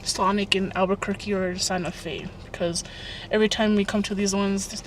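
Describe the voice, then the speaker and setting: A woman's voice: mid-range voice, steady tone, moderate pace. A young woman hosting a casual lifestyle vlog, chatting in a bubbly, rambling way from inside a parked car. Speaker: lifestyle vlogger. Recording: distant mic with air conditioner hum. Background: air conditioner running.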